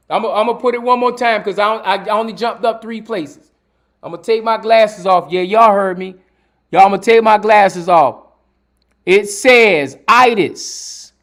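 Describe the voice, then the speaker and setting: High-voiced man preaching to viewers. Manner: preachy, repeats words for emphasis; calls out to viewers directly. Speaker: livestream show host. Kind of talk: livestreamed commentary.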